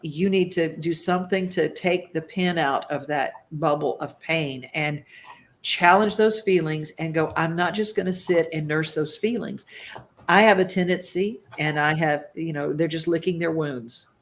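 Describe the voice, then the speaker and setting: A woman's voice: sits low, a little slow. A woman hosting a talk show, speaking emphatically and reading viewer comments aloud. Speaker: host. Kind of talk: casual talk show chat.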